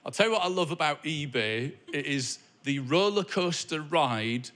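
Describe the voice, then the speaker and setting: Stand-up comic, man, wry and chatty with the crowd, high bright voice, on a stage mic. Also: lively intonation, moderate pace. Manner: wry, conversational, observational asides to the crowd. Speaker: stand-up comedian. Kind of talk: stand-up comedy. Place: comedy club stage before a live audience.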